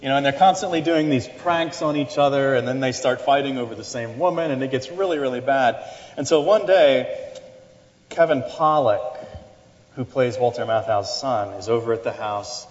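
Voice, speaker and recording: A man's voice: mid-range voice, normal speed, long reverb tail, muffled recording. A middle-aged man preaching a sermon in a conversational way, often restarting and adding asides. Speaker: pastor.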